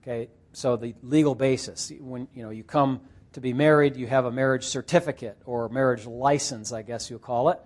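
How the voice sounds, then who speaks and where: A male pastor giving a morning sermon in a conversational way, asking the congregation questions and laughing softly now and then. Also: mid-range voice, steady tone, moderate pace. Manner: conversational preaching with rhetorical questions and soft laughs.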